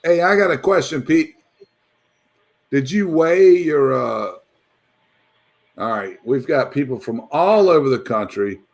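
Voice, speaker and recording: A man hosting a casual live chat, lively and rambling, laughing often. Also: on the high side, a little slow, pauses often.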